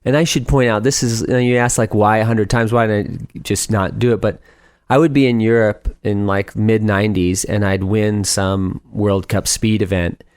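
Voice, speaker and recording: A man's voice: on the low side, steady tone, normal speed, clean tone, dry recording, clean studio sound. A middle-aged man as a podcast guest, telling stories in a chatty way, laughing often and acting out what others said. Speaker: guest, speed climber. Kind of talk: casual storytelling interview.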